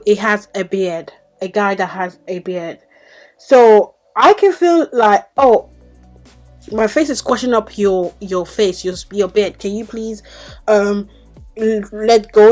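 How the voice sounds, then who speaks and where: A young woman vlogging to camera at a middle pitch, telling her story in a chatty, exasperated way, full of "like"s. Soft music plays faintly behind her. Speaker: beauty vlogger.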